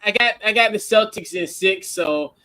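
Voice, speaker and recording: Male podcast host, high and bright voice, playful, quick to laugh, loose sports banter. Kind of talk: casual sports chat.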